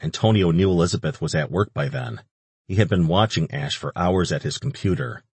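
Male audiobook narrator, very deep voice, husky tone, dry close sound. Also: brisk, no echo.

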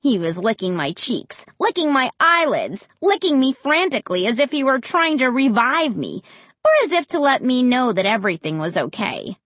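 A woman narrates a first-person storybook with an expressive, dramatic delivery. Her voice sits a bit high and moves a lot. It is husky and breathy, recorded dry and close. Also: moderate pace, dry recording. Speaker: audiobook narrator.

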